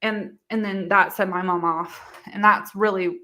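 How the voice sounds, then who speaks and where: A young woman speaks as an interview guest, her voice bright and forward. She tells her story in a loose, rambling way, packing it with "like" and acted-out quotes from the people involved. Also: medium pitch, steady tone, unhurried. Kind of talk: candid casual interview.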